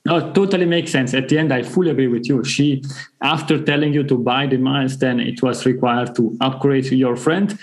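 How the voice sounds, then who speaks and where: A man's voice: medium pitch, fairly even intonation, a little fast. A man hosting an interview, wrapping it up in a formal, polite way. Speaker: host.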